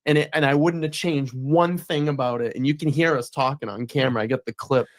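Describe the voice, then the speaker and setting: A man's voice: medium pitch, fairly even intonation, fairly quick. A man in casual chat on a livestream, rambling and emotional, restarting often as he tells a story. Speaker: livestream guest.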